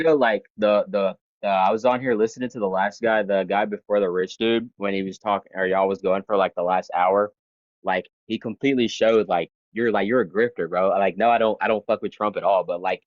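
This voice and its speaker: Dude calling in to argue, rambly, says like a lot, dull dry call audio. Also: male voice, lowish voice, no echo. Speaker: caller in a debate stream. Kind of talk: casual heated argument.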